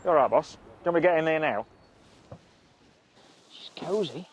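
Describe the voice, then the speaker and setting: Animated man, high-ish voice. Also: moderate pace, breathy edge. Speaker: documentary presenter. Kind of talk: lively storytelling to camera.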